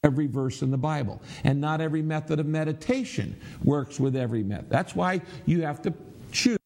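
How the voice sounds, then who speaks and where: A man's voice: fairly high pitch, expressive, brisk, creaky, darkish tone. A middle-aged man preaching a sermon, teaching in an earnest, emphatic way with prayerful asides. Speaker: pastor.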